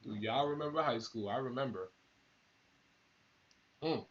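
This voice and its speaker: Talking fairly quickly at medium pitch but with long pauses, a man hosts a battle rap live stream. He chats casually and rambles directly to his audience. The recording sounds muffled.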